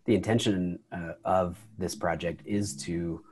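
A man co-hosting a meditation session over a video call, relaxed and chatty. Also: sits low, a little slow. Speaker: meditation teacher.

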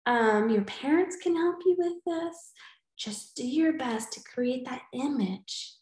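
Slow, gentle woman teacher. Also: high-pitched, lively intonation, roomy sound, rough recording. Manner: thinks aloud, counts syllables, coaxing. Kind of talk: writing lesson for children.

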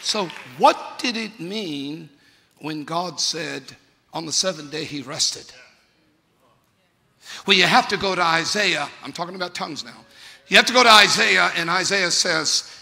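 A male pastor delivers a fervent, conversational sermon, throwing rhetorical questions at the congregation. His voice sits high and has a gravelly edge. A long church reverb trails every phrase. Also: unhurried, pushed and bright. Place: church sanctuary.

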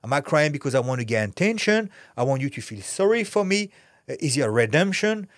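A man's voice: on the high side, sing-song, fairly quick, no echo, clean studio sound. A middle-aged man, an actor and former fighter, talking candidly as a podcast guest in a blunt, intense way and swearing freely. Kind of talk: candid podcast interview talk.

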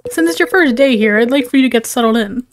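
A stiffly polite male company boss with a clock for a head, voiced by a woman. He speaks in tidy, formal sentences, in a voice pitched a little high. Game music runs underneath. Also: animated, quick pace, close to an everyday voice. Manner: courteous and formal.

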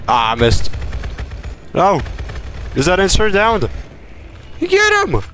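A man's voice: high voice, wildly swooping pitch, slow, slight background noise. A man streaming live gameplay, talking playfully and boastfully to his chat and teammates. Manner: playful, boastful, bursts into laughs and shouts.

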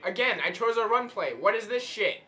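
A young man playing a football video game with a friend, trading jokes and swearing loudly when plays go wrong. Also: sits high, a little fast. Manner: loud, swearing outbursts at the game. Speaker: gamer co-host. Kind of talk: casual gameplay banter.

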